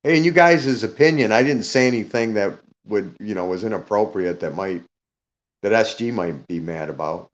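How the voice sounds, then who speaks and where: A man's voice: on the low side, moderate pace, muffled recording. A man speaking as a guest on a live audio panel in casual chat, rambling, greeting listeners by name and checking he caused no offence.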